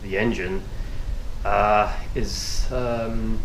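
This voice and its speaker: A man with a congested, nasal voice, talking to camera in a halting, apologetic way with many fillers. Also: on the low side, fairly even intonation, fairly bright tone, slight background noise. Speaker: car hobby vlogger. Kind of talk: casual to-camera talk. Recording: echoey room.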